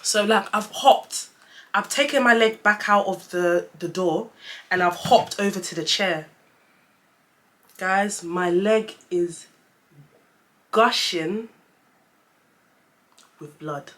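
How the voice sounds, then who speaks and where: Young woman, casual story-time vlogger, animated, talks straight to the audience. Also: mid-range voice, takes it slowly, pauses often. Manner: chatty, animated storytelling, addresses viewers as guys.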